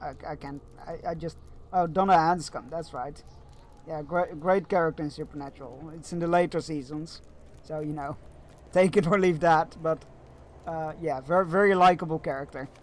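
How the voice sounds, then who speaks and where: A man streams a video game and chats casually to his viewers. He rambles and uses lots of fillers, in a fairly high voice. A faint noise sits behind him. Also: fairly even intonation, normal speed. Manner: rambling and chatty, with many fillers. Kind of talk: casual chat while gaming.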